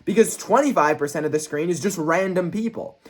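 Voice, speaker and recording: Brief: young adult man, slightly higher voice, deadpan mock-outrage commentary for a video channel. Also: a little fast. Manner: deadpan satirical rant. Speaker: YouTube creator.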